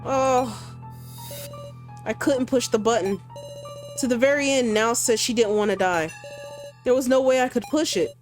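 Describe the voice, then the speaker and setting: A woman with a high-pitched voice comments on a story game as she plays. She speaks at an unhurried pace, reads the characters' lines aloud and reacts with strong emotion. Soft game music plays behind her. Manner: reads game dialogue aloud, cries out in distress. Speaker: let's play gamer.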